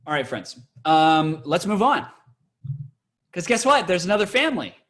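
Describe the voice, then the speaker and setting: A man's voice: high voice, sing-song, normal speed, a bit bright. A man teaching a cantor's class on a video call, chatty and playful, slipping into chant.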